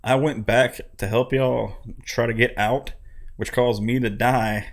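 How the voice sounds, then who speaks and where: A man's voice: mid-range voice, steady tone, measured pace. A man on a casual gaming podcast who tells his side of each game earnestly and laughs at himself. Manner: earnest, self-defending storyteller, laughs at himself. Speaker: podcast co-host.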